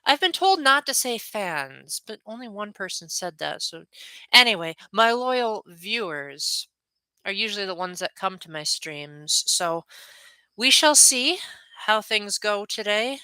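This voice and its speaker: A man's voice: sits high, sing-song, a little slow, sharp tone, smooth, no room sound. A young man chatting in a rambling, friendly way with viewers on his livestream from home. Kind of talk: casual livestream chat with viewers.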